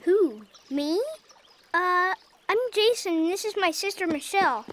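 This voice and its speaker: A man's voice: very high-pitched, animated, unhurried, a bit bright, slight background noise, exaggerated voice. A man voicing an earnest young boy in a cartoon, with music underneath.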